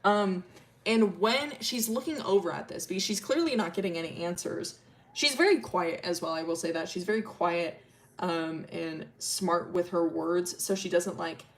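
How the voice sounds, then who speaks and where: A woman's voice: on the low side, expressive, normal speed. A woman streamer casually telling a long story, rambling with lots of fillers, laughing often and swearing freely.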